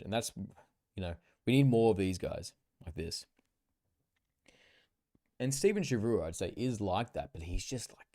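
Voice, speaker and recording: A young man chatting casually on a live stream, slangy and profane, with sudden excited bursts. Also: sits low, no echo, clean studio sound. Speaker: livestreamer.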